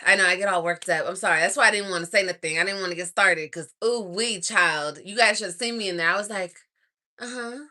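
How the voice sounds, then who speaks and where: A woman's voice: lowish voice, quick pace. A young woman vlogging at home at night, chatting casually in a gossipy way, swearing, sighing and laughing often. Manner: gossipy, animated, swears, laughs and sighs a lot. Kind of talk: casual chat to camera.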